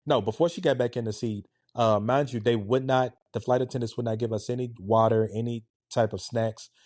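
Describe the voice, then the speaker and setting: A man in his forties casually telling a story in an animated, conversational way. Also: mid-range voice, fairly quick, no echo, clean studio sound. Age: 40s. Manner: animated, conversational, with a laid-back, relaxed tone.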